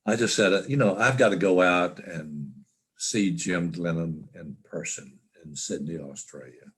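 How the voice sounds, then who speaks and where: An older man telling a personal story as an interview guest over a video call, halting and restarting often. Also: low-pitched, a bit bright, slightly rough. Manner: halting, with frequent restarts and fillers.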